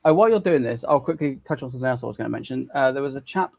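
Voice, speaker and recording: A man's voice: medium pitch, lively intonation, rapid-fire, gravelly, no room sound, highs cut off. A man co-hosting a live stream in a casual, joking way, swearing freely. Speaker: co-host.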